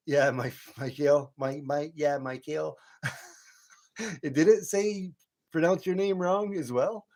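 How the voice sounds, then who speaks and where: A man hosts a casual late-night live stream from his home, talking straight to his viewers. He rambles from one thought to the next and chuckles often. His voice sits at an ordinary middle pitch.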